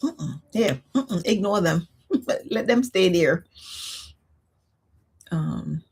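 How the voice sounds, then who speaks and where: A woman hosting a livestream, telling stories in a chatty, expressive way and reading viewer comments aloud. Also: lowish voice, extremely slow, slightly rough. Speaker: livestream host. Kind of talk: casual storytelling chat.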